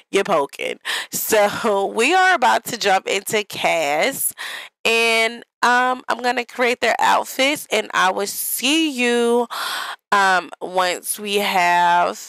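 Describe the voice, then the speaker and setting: A chatty young woman narrates her life-sim game to her viewers in an easy, drawn-out way. Her voice sits in the middle of her range, and the sound is close and dry, with no room around it. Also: medium pitch, a bit bright, no room sound, poor audio. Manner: chatty, talks straight to viewers as "y'all". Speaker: gaming vlogger. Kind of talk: casual gameplay commentary.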